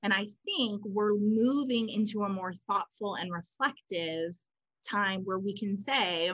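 A woman's voice: medium pitch, measured pace, no echo, low-quality recording. Chatty woman co-host, dry close sound. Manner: chatty, animated storytelling with quoted voices. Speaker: podcast co-host. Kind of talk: casual conversational explanation.

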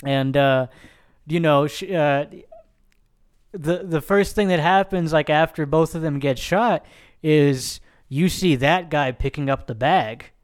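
Man, podcast co-host, loose chatty delivery, fillers and cursing, slightly higher voice. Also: slow, clear, resonant tone. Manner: rambling, profane, many fillers. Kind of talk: casual film discussion.

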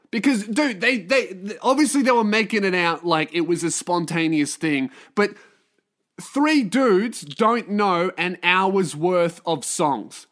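A man hosts a solo podcast, ranting with plenty of swearing and sarcasm. His voice sits a little high for a man, and he keeps the tone informal. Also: lively intonation, slow pace, fairly bright tone. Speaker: podcast host.

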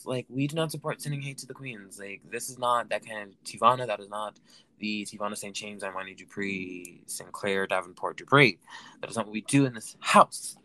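A man's voice: lowish voice, brisk, bright, forceful tone. A man hosting a solo recap podcast in a camp, playful, rambling way, full of fillers and asides. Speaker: podcast host.

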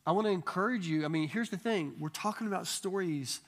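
A man teaching a Bible study to a live group, telling stories in a casual, animated way and acting out the people he quotes. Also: high-pitched, fairly quick. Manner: animated storyteller, acts out quoted voices. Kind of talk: casual church teaching with storytelling.

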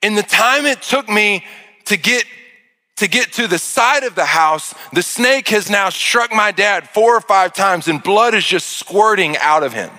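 A man, telling an animated story to an audience and acting out the shouts and panic. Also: sits high, unhurried, long reverb tail. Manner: expressive, acts out shouts and panic, jokes with the crowd. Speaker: speaker addressing an audience.

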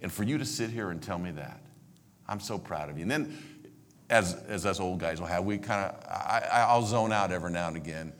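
A man in his sixties, a pastor telling a heartfelt story in a sermon, repeating himself when moved and sinking to a hushed near-whisper. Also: deep voice, a little fast, slight background noise.

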